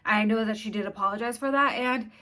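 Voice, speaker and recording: A woman's voice: a little high, quick pace, sharp tone. A woman hosting her own channel, talking casually and bluntly to camera with open disgust. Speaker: commentary vlogger host.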